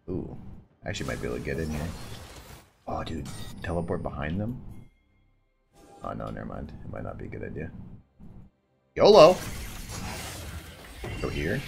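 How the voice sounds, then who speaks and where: A man streaming a video game and talking over his play, swinging from calm build talk to excited yelling at big plays. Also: very deep voice, creaky. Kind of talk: gameplay commentary.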